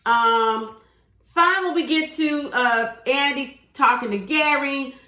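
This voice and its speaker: A woman's voice: high-pitched, slow, bright, forceful tone, reverberant. A woman giving a chatty, casual recap of a TV episode, with sassy asides to her viewers. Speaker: TV show reviewer.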